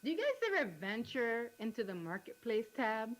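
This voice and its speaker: A woman's voice: fairly high pitch, very animated, normal speed, rough recording. A woman in a casual podcast chat who laughs often and asks questions. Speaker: podcast co-host.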